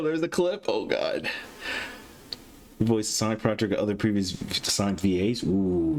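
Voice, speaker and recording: A man's voice: lowish voice, unhurried, long pauses, darkish tone, a little hiss or hum. A man hosting a live stream between interview segments, talking to his chat in a jittery, self-deprecating way with nervous laughter. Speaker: stream host interviewing a voice actor.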